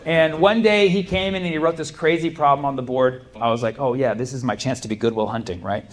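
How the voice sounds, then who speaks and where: A man's voice: medium pitch, brisk. A young man doing a stand-up comedy set on a club stage, chatty and loose, laughing through his punchlines. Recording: live club recording with audience noise.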